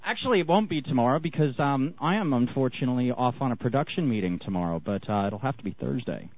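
A man's voice: mid-range voice, lively intonation, quick pace. A man co-hosting in casual chat who laughs easily and stammers and restarts when he gets worked up. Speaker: co-host. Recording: phone-like line.

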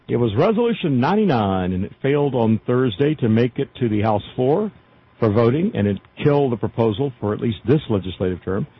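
Reading news articles aloud on his casual podcast, this host scatters fillers and asides throughout. His voice is husky and medium-pitched, with no room sound, though the recording is dull lo-fi.

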